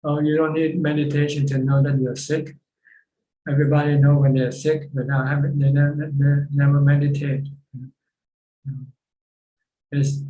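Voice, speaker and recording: A man teaching as a Buddhist monk, answering questions over a video call in a plain, halting way. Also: medium pitch, warm tone, reverberant, rough recording. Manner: plain, repeats words while searching for phrasing. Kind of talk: dharma talk answering questions.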